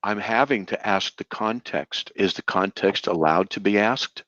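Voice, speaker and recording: A man's voice: fairly low pitch, a little slow, fairly bright tone, dry recording. A man debating, interrupting and firing back sarcastic, incredulous questions. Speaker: debater defending a belief. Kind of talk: heated live debate. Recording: dull, dry lo-fi sound.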